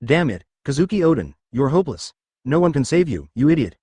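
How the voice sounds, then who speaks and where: A man's voice: fairly high pitch, sing-song, brisk, dark tone, husky, dry recording, studio quality. A man voicing a hot-tempered young male pirate who curses and talks cocky, in a fan fiction reading. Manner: cocky and cursing.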